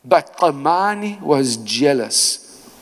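A man preaching a sermon in a church, telling stories in an animated way with many asides. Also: on the high side, slow pace. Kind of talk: storytelling sermon. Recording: long hall reverb.

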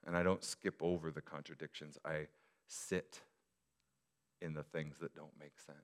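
A male pastor preaching a sermon to his church, moving from quiet reflection to loud, emphatic appeals. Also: a bass voice, flat delivery, unhurried.

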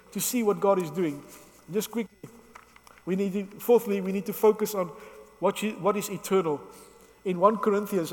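A man preaching a sermon in an earnest, halting way, often restarting his sentences, and emotional as he speaks. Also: high voice, darkish tone, in a large hall.

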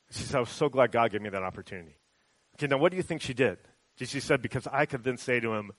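A man's voice: medium pitch, animated, rapid-fire, no room sound. Man, middle-aged pastor, conversational sermon, keeps asking "right?", close dry sound. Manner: conversational, often adds "right?".

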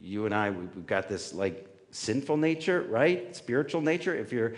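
A man's voice: medium pitch, moderate pace. A man preaching a sermon in a conversational way, often checking in with the room with "right?". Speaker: pastor. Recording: reverberant hall.

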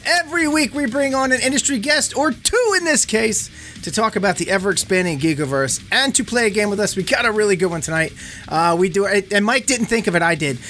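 Guy hosting a podcast, super lively voice, talks fast and loose, lots of restarts. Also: sits high, slight background noise. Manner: chatty, laughs often, many restarts. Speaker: podcast host. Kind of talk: casual podcast chat.

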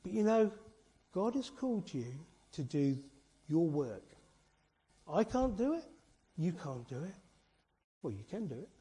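A man's voice: high voice, very animated, unhurried, long pauses, dark tone, breathy edge. A man preaching an informal sermon as a church elder, earnest and chatty, full of rhetorical questions and asides.

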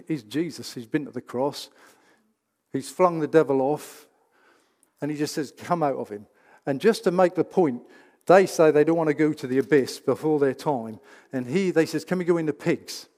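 A man's voice: a little high, normal speed, darkish tone. A man preaching a sermon in a church, emphatic and full of rhetorical questions. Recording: reverberant church hall.

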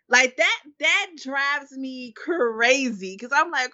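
A woman co-hosts a podcast, chatting candidly and laughing easily. Her voice is bright and a little high, and the dry recording comes across slightly dull and lo-fi. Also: dry recording. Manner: candid, animated and quick to laugh. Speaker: podcast co-host. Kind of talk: casual chat.

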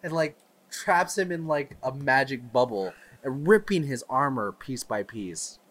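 Podcast guy gushing over a movie, bright voice, talks fast in bursts. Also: mid-range voice, animated. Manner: eager, retells scenes in quick bursts. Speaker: podcast co-host. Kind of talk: casual movie chat.

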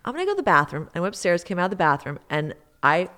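Middle-aged woman, kinda low voice, jokey and playful telling a story. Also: big pitch swings, very fast, pushed and bright. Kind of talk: casual chat.

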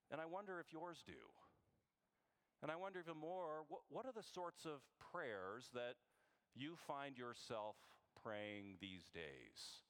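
A man's voice: on the high side, measured pace, fairly bright tone, clear, resonant tone. Earnest conversational male preacher. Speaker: pastor. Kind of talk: sermon.

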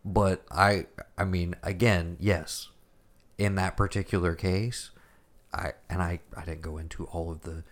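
A man's voice: sits low, steady tone, unhurried. A man co-hosting a podcast in casual chat, thoughtful and hedging, often restarting his sentences. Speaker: podcast co-host.

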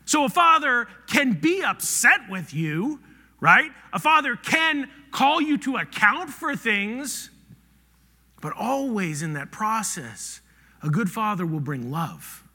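Man, pastor, sermon, high bright voice, animated, loud to hushed, long hall reverb. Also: slow, breathy edge.

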